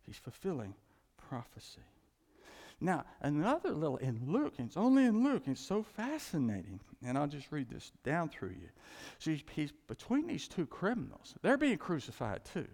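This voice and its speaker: A man preaching a sermon in a conversational, animated storytelling way. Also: fairly high pitch, moderate pace, vocal fry. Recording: reverberant hall.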